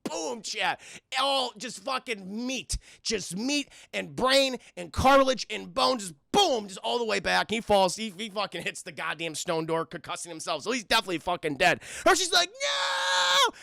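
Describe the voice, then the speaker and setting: A man streaming a casual, profane, animated film recap, constantly calling out to his chat. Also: sits high, moderate pace, creaky, dry recording, studio quality.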